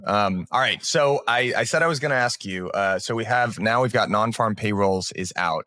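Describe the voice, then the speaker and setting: A man's voice: fairly low pitch, moderate pace, few pauses, pushed and bright, no room sound, studio quality. A man hosting a markets podcast, walking through economic data in a conversational way with fillers. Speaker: podcast host. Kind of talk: casual market chat.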